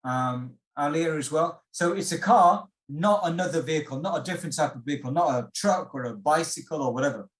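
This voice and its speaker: A man's voice: a little high, quick pace, hardly any pauses, roomy sound. A man leading an online exam-prep workshop, patiently explaining and asking the class questions, with many fillers and restarts. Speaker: IELTS workshop instructor. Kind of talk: online lesson.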